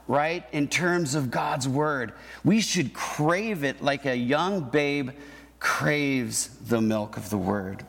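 A man's voice: mid-range voice, animated, a little slow, a bit bright. Male pastor, casual sermon delivery, tag questions, church hall reverb. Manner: conversational, keeps asking "right?".

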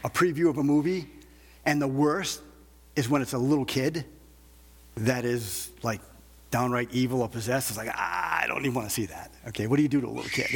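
A man's voice: mid-range voice, big-room sound, slight background noise. A man preaching a sermon in a conversational way, asking rhetorical questions and often restarting his sentences. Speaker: pastor.

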